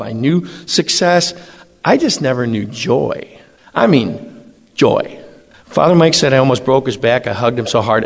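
A middle-aged man, a priest telling his own story with animated emphasis. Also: medium pitch. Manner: animated, emphatic, acts out dialogue. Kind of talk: personal testimony storytelling. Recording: long hall reverb.

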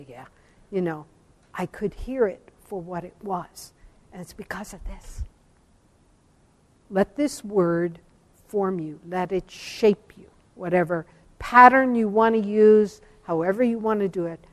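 Earnest woman preaching in a reverberant hall. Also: mid-range voice. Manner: earnest storytelling with slow emphatic phrases. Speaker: religious sister giving a talk. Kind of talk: sermon-style talk on scripture.

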